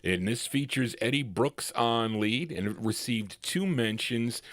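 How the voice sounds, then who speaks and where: A man's voice: mid-range voice, lively intonation, measured pace, no echo. A man hosting a live oldies record show, chatting in rambling asides between records. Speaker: radio show host. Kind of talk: live radio DJ patter.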